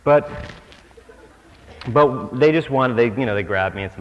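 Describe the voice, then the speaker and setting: A man's voice: mid-range voice, measured pace, long pauses. A man giving a humorous workshop talk as a spiritual teacher on stage, full of self-mocking asides. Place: stage before an audience. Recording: dull old recording, long hall reverb, faint hiss.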